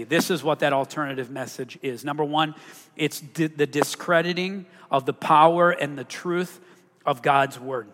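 A man's voice: a little high, fairly bright tone, in a large hall. A man preaching a sermon to a congregation, talking through scripture in a conversational way and asking the listeners rhetorical questions. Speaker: pastor.

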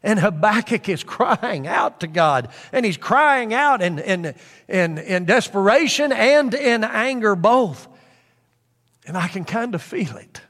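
A man's voice: high-pitched, fairly bright tone, long reverb tail. A man preaching a sermon in an earnest way, repeating phrases for emphasis with frequent fillers.

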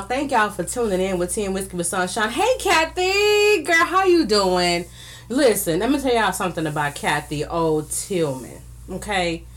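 A woman hosting a live podcast talk show, effusive and playful, greeting listeners by name and laughing often. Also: fairly low pitch. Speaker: podcast host.

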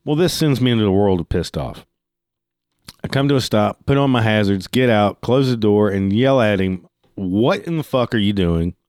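A man's voice: on the low side, moderate pace, darkish tone, no echo, studio quality. A man telling a heated, profane story in a casual storytelling style, swearing freely.

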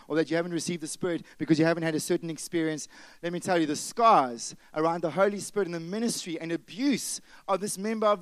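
A man preaching a sermon with passion, dropping to a hush and then rising loud again. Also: fairly high pitch, no room sound, poor audio. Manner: impassioned preaching, swings from loud to hushed. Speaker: pastor.

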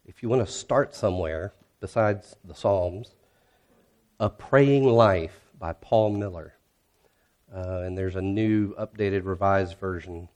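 A man's voice: low-pitched, a little mellow. A male pastor preaching a sermon in a conversational way, posing rhetorical questions and reading scripture aloud with rising intensity.

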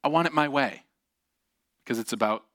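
A man's voice: mid-range voice, brisk, sharp tone, no echo, clean studio sound. A pastor preaching a sermon, telling personal stories in a conversational way and driving his points home with emphatic repetition.

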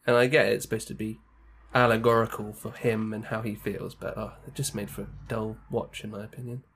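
A man's voice: lowish voice, level tone, brisk, vocal fry, a bit bright, breathy edge. A man chatting casually as a podcast co-host, dry and wry in his delivery. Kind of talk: casual chat.

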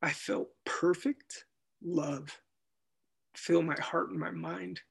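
Man, slightly higher register, gravelly; earnest halting testimony. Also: steady tone. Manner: earnest, halting, with many restarts. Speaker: guest telling his life story. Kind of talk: personal testimony.

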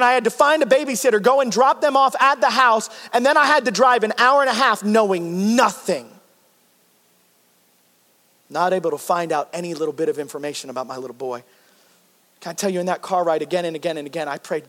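Preaching fast and from the heart, this pastor has a high, bright-pitched voice. His delivery rises to loud, emphatic moments and drops to gentle, quiet ones, all echoing with the long reverb of a big church hall.

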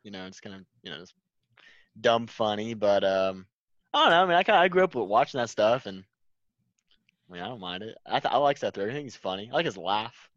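A young man co-hosting a podcast, talking casually and hesitantly with lots of fillers, often trailing off quietly. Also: fairly low pitch, big pitch swings, fast talker, vocal fry, dry recording, dull audio. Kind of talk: casual chat.

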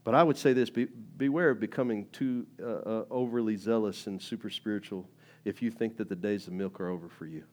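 A man preaching a sermon in a conversational, animated way, full of fillers and rising emphatic bursts. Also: on the low side, fairly quick. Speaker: pastor.

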